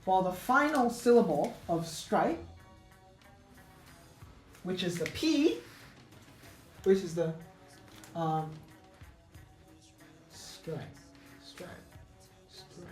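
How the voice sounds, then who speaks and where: A woman teaching an unscripted grammar lesson, halting and correcting herself, with many fillers. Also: medium pitch, sing-song. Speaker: English teacher. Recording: echoey room with faint music.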